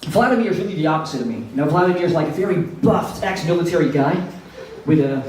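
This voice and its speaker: A man's voice: on the high side, animated, fast talker, darkish tone, a little hiss or hum. A man doing a stand-up comedy set, telling self-mocking stories with acted quotes, in a café with a live audience. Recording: echoey room, distant mic, crowd laughter.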